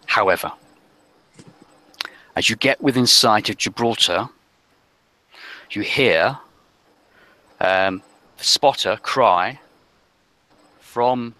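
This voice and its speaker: Male game master, bright tone, hesitant narration with many fillers. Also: on the low side, no echo, poor audio.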